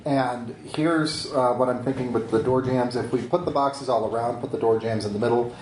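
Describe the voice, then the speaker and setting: A man's voice: medium pitch, normal speed. Man player laying out a plan. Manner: steady, laying out a plan step by step. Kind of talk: tabletop game planning. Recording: roomy, with faint hiss.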